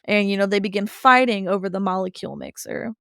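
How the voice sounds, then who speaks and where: A woman co-host talks fast through a recap of a cartoon episode on a casual podcast, animatedly telling it and briefly performing characters' lines. Her mid-range voice is gravelly yet clean-toned, captured in a dry recording with clean studio sound.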